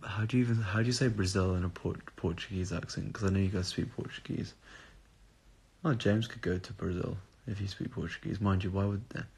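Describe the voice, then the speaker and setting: A tired young man rambles through viewer questions on a phone live stream. His voice sits low and gravelly, with a husky edge. He drifts off topic and swears now and then. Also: steady tone, brisk, darkish tone. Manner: rambling, reads out and answers viewer comments, swears casually. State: tired and up at odd hours. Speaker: live streamer answering chat. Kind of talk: casual live-stream chat.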